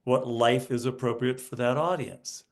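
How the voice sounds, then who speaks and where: A man being interviewed on a podcast, explaining how teachers build speaking skills. He talks in a mid-range voice and acts out classroom lines with lively, shifting emphasis. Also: medium pitch, normal speed. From United States. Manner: animated, demonstrates emphasis by acting out student lines. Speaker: guest, educational consultant.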